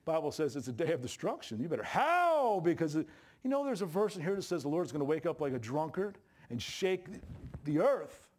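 A man's voice: very animated, a little fast, a little mellow. Folksy, emphatic male preacher. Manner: folksy, emphatic preaching with sudden pitch jumps and laughs. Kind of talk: sermon.

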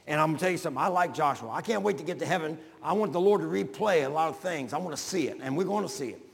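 Older pastor, gravelly and high-pitched, folksy sermon delivery in a reverberant church. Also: male voice, expressive, very fast. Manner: folksy, builds to shouting.

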